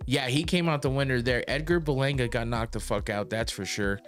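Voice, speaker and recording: Rambling, profane podcast host recapping fights. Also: male voice, medium pitch, fairly quick, faint music behind. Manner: rambling, profane, with frequent restarts and laughs.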